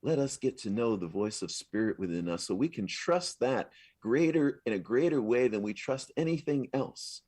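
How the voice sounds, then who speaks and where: A man delivers a sermon in a husky voice whose pitch rises and falls with lively swings. He preaches in a chatty, affirming manner and circles back to repeat his points. The sound is dry and close, with little room echo. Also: normal speed, hardly any pauses. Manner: affirming, repetitive, conversational preaching. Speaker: minister. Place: live service at a spiritual center.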